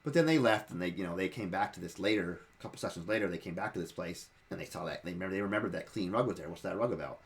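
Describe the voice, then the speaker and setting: A man's voice: sits low, very fast, hardly any pauses. A man in casual talk sharing advice as a dungeon master, rambling and often repeating and restarting his words.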